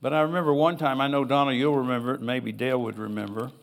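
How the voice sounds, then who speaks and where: A man's voice: mid-range voice, fairly even intonation, quick pace, creaky. An older man preaching a sermon in a church, reading scripture aloud and rambling into personal asides in an easygoing, conversational way. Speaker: pastor.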